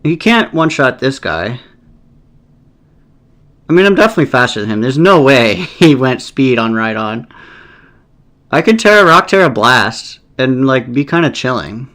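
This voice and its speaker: Mid-match, a competitive gamer thinks aloud in live commentary that is casual and rambling, swearing often and sounding exasperated. His medium-pitched voice swings widely in pitch, with a fairly bright tone, moderate pace and long pauses.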